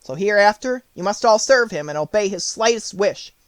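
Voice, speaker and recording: A man voicing a tiny, proud female queen mouse with a squeaky, indignant voice in an audiobook. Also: animated, normal speed, dry recording. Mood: squeaky, regal. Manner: indignant, regal. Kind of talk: audiobook character voice.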